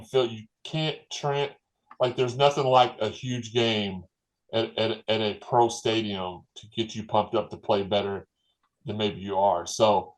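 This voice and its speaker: A man's voice: mid-range voice, low-quality recording. Rambling man. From Louisville, Kentucky. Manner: rambling, self-correcting, folksy. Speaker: guest fan commentator. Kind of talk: casual sports podcast chat.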